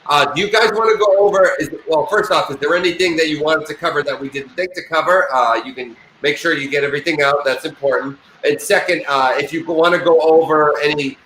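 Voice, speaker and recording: Bright-voiced male host in an echoey room. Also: fairly high pitch, fairly quick, hardly any pauses. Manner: careful, reassuring, explanatory. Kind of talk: interview hosting. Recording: roomy sound with faint background hiss.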